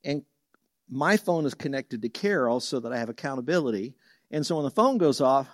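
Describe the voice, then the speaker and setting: A man preaching a sermon as a Bible teacher, telling homely stories and leaping up in pitch and volume for the voices he quotes, then dropping soft for the verses. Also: a little fast, no echo, clean studio sound. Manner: lively storyteller who jumps high and loud for quoted voices; drops soft and low for reverent verses.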